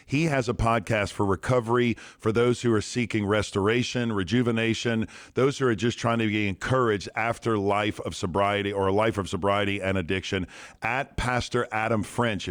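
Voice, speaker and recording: Man, pastor, podcast teaching, emphatic, repeats phrases, low voice. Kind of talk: podcast sermon-style teaching.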